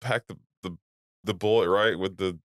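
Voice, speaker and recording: A man's voice: low-pitched, steady tone, normal speed, no echo, studio quality. A man co-hosting a casual movie podcast, tossing in jokes, questions and laughs. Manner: laughing, joking asides. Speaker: podcast co-host.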